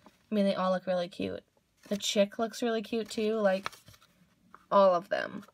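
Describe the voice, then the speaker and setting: A woman's voice: mid-range voice, steady tone, measured pace, slight background noise. A young woman hosting a casual toy unboxing video, gushing over each cute toy with gasps and squeals.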